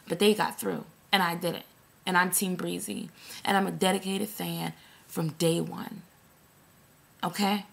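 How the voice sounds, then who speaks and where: A woman from New York, hoarse from screaming, telling a long story in an animated, indignant, swearing rant with a New York accent. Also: mid-range voice.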